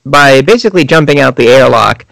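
A man's voice: mid-range voice, lively intonation, fairly quick, gravelly, fairly bright tone, dry recording, rough recording. A man talking casually, giving a plain recap of a movie scene.

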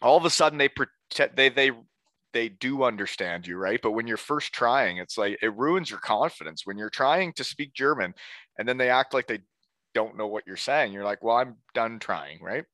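A man's voice: mid-range voice, expressive, moderate pace, pushed and bright, dry recording. A middle-aged man hosting a casual chat, joking and talkative, close to a mic. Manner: joking, chatty. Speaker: podcast host. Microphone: studio mic.

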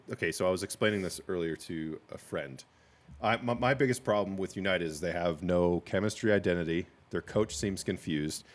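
A man co-hosting a casual sports podcast, talking in an opinionated, joking and rambling way. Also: sits low.

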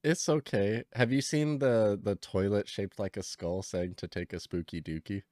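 A man's voice: fairly low pitch, fairly even intonation, normal speed, a little mellow, no echo, studio quality. A man co-hosting a podcast in casual chat, teasing and telling stories in a laid-back way. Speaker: podcast co-host.

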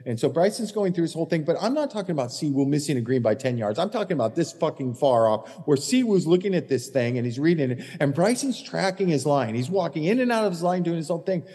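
A man's voice: on the high side, animated, quick pace, hardly any pauses, dark tone, breathy edge, big-room sound. A man co-hosting a podcast, telling a heated caddie story in blunt, profane casual chat. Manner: blunt, heated, swears constantly. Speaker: podcast co-host, former tour caddie.

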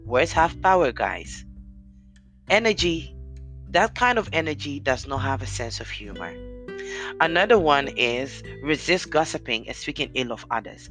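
This deep, commanding voice belongs to a podcast host giving listeners a sincere, uplifting motivational talk. There's a slight brightness to the sound.

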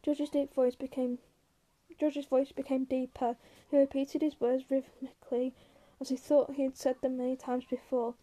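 Woman narrating in a mellow high voice. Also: little pitch movement, moderate pace. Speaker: reader. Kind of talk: audiobook narration.

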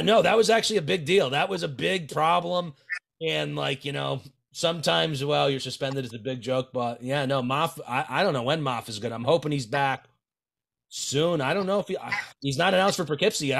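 A man's voice: fairly high pitch, vocal fry, a bit bright. A man in casual podcast chat as a wrestling manager, brash and boastful, trash-talking people.

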